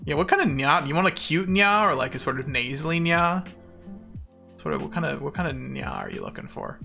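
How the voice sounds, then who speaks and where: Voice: medium pitch, big pitch swings, a little fast, gravelly, sharp tone, faint music behind. A young adult streamer chatting casually through a live game, rambling, joking at their own expense and laughing often, with mock-dramatic outbursts. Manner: rambling, jokey and self-mocking, laughs often.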